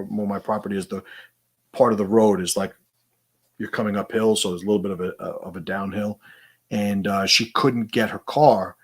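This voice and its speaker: A man's voice: on the low side, husky. A middle-aged man hosting a casual monologue, rambling in a conversational way with lots of fillers. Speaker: host.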